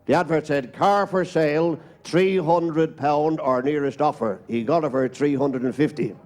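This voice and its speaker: An Irish man telling a stand-up anecdote in a lively, punchy way. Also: fairly high pitch, normal speed. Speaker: stand-up comedian. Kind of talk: live stand-up routine.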